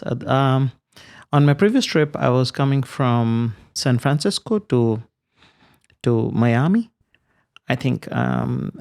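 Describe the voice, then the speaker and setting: A man who is a comedian, a guest on a podcast, talking in a measured way with frequent pauses. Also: medium pitch, creaky, darkish tone. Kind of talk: casual chat.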